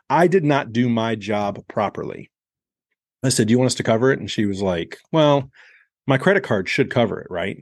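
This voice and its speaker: A man in his forties, a podcast host, telling a candid, reflective story in an unhurried conversational way that slows on heavy moments. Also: medium pitch, no room sound, studio quality.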